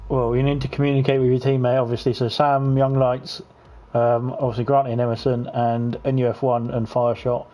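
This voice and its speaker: A man's voice: medium pitch, flat delivery, brisk, warm tone, highs cut off. Chatty man hosting a racing stream. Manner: laughs often while talking, loose and chatty. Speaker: host of an online racing league. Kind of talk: casual live race commentary.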